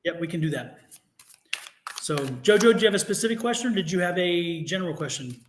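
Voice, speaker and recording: A man co-hosting a tarot reading stream, telling stories in a lively, animated way and laughing often. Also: high-pitched, a little fast, echoey room, slight background noise. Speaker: tarot reader co-host. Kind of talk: casual live-stream chat.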